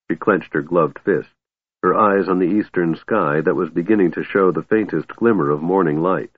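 A man narrating an audiobook in a measured storytelling voice. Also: deep voice, slightly rough, no echo. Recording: tinny phone-like line, dry.

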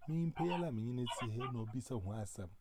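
A man in loud, animated casual banter, mixing Twi and English. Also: medium pitch, brisk. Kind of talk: casual chat. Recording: loud background noise.

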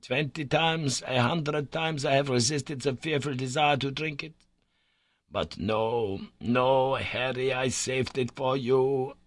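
A man's voice: fairly even intonation, slow, no echo, lightly acted. A man doing a tender old professor. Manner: gentle, raised in pitch. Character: kindly elderly male professor, tender.

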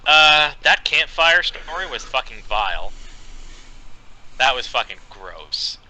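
Bright-voiced man, profane deadpan. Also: medium pitch, takes it slowly, slight background noise, poor audio. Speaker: podcast co-host reviewing a film. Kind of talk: casual chat, reading his notes.

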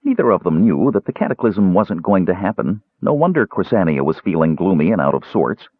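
Deep-voiced man reading a story, tinny. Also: sing-song, fairly quick, breathy edge, no echo. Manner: dramatic storytelling. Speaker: audiobook narrator. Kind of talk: scripted narration. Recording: tinny phone-like dry sound.

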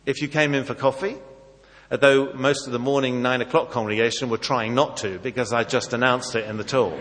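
A man preaching a sermon, acting out dialogue and swinging between soft and loud. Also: mid-range voice, a little fast, in a large hall. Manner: animated, acts out dialogue, varies volume widely.

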